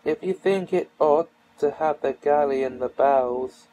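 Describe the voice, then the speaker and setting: A man reading a children's novel aloud in a measured storytelling manner. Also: a little high, warm tone, muffled recording, slight background noise. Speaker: audiobook reader.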